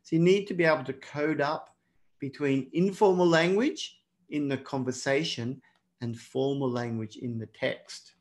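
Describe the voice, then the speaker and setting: A man's voice: mid-range voice, measured pace. An Australian man teaching a live online exam prep lesson, encouraging and speaking to viewers in the chat by name.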